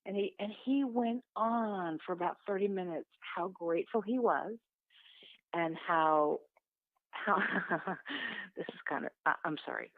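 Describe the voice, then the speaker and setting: A woman guest candidly telling her own story, lively, swearing freely and acting out what others said. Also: medium pitch, measured pace, no echo. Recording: tinny phone-like sound, dry.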